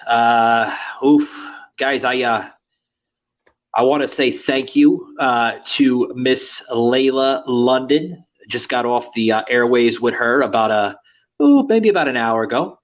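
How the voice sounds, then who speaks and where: A man's voice: medium pitch, slow pace, muffled recording. A man hosting a podcast in casual chat, rambling with many fillers and crude banter. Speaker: podcast host.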